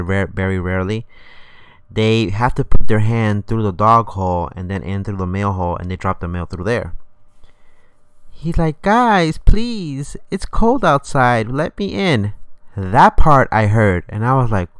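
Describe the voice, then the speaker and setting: A man with a low, smooth voice tells a spooky story on a live stream, rambling and animated and swearing often. The sound is dry and close, with little room around it. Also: no room sound.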